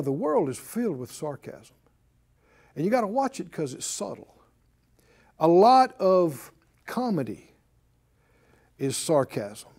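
A man's voice: high voice, warm tone. A man teaching a Bible class as a sermon, emphatic and calling for responses from the class.

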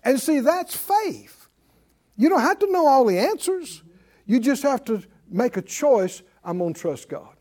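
High-voiced folksy preacher man. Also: very animated, measured pace, darkish tone. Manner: folksy and emphatic, laughing often, acts out quotes. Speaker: Bible class teacher. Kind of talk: preaching a Bible class with call and response.

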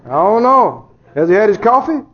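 A man's voice: sits high, very animated, normal speed, lo-fi sound, heavy background noise. A man preaching a sermon who jokes with the congregation, chuckles often, and asks rhetorical questions.

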